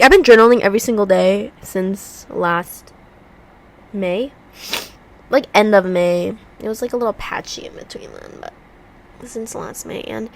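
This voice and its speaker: A woman vlogging at home, chatting casually while she works on a puzzle, rambling through stories with a congested voice. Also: medium pitch. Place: room at home by a heater.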